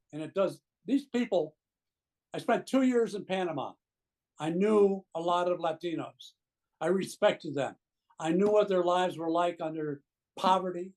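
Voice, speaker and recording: A man in his seventies giving an earnest, indignant political opinion as a pundit guest, with halting restarts. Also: high-pitched, darkish tone, low-quality recording. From United States. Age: 70s. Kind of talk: impassioned opinion commentary.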